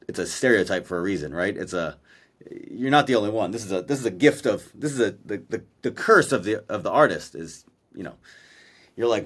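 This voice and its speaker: A man co-hosting a podcast in casual chat, blunt and profane, a self-described verbal processor talking over a video call. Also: lowish voice. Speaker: podcast co-host. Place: Maui.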